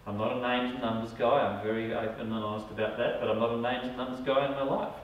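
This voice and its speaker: Talking fast in a medium pitch with fairly even intonation, an Australian psychic medium chats with a small group and keeps checking in with "all right?". The sound is lo-fi and echoey, from a distant mic, with a little hiss or hum.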